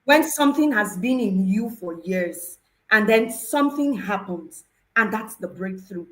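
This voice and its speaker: A woman speaking at an ordinary middle pitch, sharing her personal testimony on a talk show panel. She tells her story earnestly and with open emotion, and her voice swells and softens as she talks. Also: animated, unhurried, rough recording. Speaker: program participant sharing testimony.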